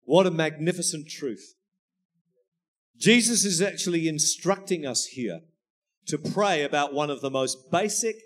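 Man, pastor, sermon, lively storyteller, somewhat high pitch. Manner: storytelling, animated, laughing at his own anecdotes.

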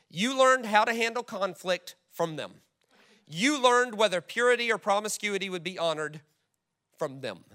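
Bright high-voiced male preacher. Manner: emphatic preaching, reads scripture aloud. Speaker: pastor. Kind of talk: sermon.

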